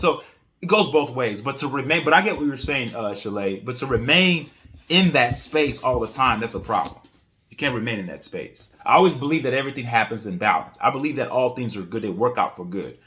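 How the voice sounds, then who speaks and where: A man with a bright, forceful voice talks through his take in a loose, conversational commentary style. He is outspoken and opinionated, and he stops now and then to read a viewer's comment and respond to it directly. His pitch sits in an ordinary middle range. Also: lively intonation, brisk. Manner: opinionated, reads chat comments and answers them. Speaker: commentary channel host.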